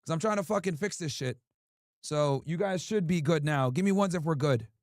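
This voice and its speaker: High-voiced profane male streamer. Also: brisk, no echo, clean studio sound. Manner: profane, ranting, talks back to chat. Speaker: streamer host. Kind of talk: casual livestream talk.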